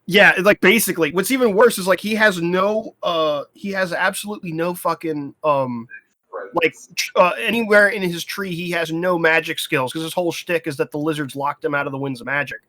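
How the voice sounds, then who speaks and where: A man chatting casually on a gaming podcast, profane and animated, often laughing as he tells stories. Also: a little high, a little fast. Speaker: podcast host.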